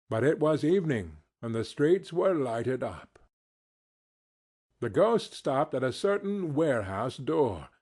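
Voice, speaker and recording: A man narrating a classic novel as an expressive audiobook reading. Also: mid-range voice. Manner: expressive, storytelling. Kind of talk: scripted narration.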